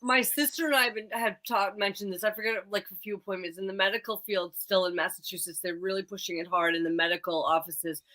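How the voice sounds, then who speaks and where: A woman's voice: mid-range voice, steady tone, fast, few pauses, pushed and bright. A woman co-hosting a podcast, chatty and emphatic in casual conversation. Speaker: podcast co-host. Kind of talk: casual chat.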